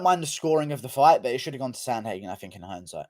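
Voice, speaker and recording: A man's voice: mid-range voice, expressive, fast talker, darkish tone, no echo. A man hosting a casual livestream, reading viewer comments in a loose, offhand manner and swearing freely. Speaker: livestream host.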